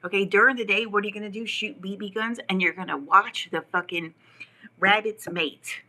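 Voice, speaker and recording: Husky, bright-voiced woman ranting on a livestream. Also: medium pitch, fairly even intonation, fast, poor audio. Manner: profane and mocking, often drops to a whisper, laughs mid-sentence. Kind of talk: rambling live-stream rant.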